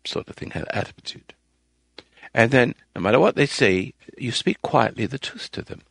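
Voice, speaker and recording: A man hosting a call-in radio advice show who lectures listeners emphatically, rambling with restarts and swinging between a firm, loud voice and a soft, quiet one. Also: mid-range voice, expressive, normal speed, gravelly, dry recording.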